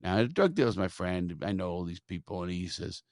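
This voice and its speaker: A man hosting a podcast, telling a story in a blunt, profane, animated way. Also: low voice, a little fast, dry recording. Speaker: podcast host.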